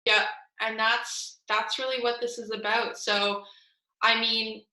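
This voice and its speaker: A woman hosting a group video call, giving blunt, animated advice and swearing casually. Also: a little high, slow pace, reverberant, poor audio. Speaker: host.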